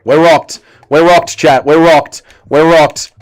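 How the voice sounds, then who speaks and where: Excitable young man streaming a fight game. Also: on the high side, slow, soft background music. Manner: excitable, swears, reacts to the game and reads chat aloud. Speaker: livestreamer. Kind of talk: casual live-stream chat while gaming.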